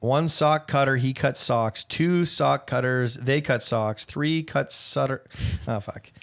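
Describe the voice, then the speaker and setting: A man's voice: medium pitch, takes it slowly, gravelly, a bit bright. A man co-hosting a podcast, talking earnestly and then joking around, swearing freely. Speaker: podcast co-host. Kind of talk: casual chat.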